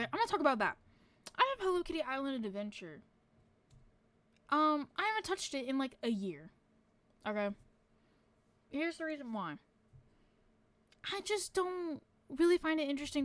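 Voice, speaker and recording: A woman's voice: high voice, very animated, normal speed, pauses often, fairly bright tone, no room sound. A woman streamer chatting casually to her viewers, rambling with lots of fillers and casual swearing.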